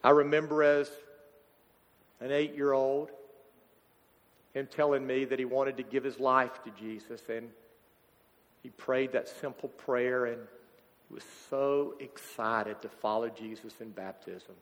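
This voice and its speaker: A man, preaching a sermon as a pastor, halting and emotional as a grieving father. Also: mid-range voice, fairly even intonation. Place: church sanctuary. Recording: church hall reverb.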